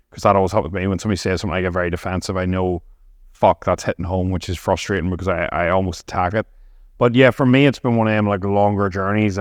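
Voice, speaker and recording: A man chats as a podcast guest, rattling through anecdotes at a brisk clip and swearing freely. His voice sits fairly low, and the sound is close and dry with little room echo. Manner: fast, animated storytelling with frequent swearing. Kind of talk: casual chat.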